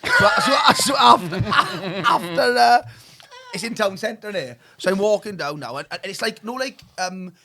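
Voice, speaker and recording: Man, podcast host, high animated voice, bright tone, casual swearing banter. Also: moderate pace, slight background noise. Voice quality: animated storytelling, swearing freely.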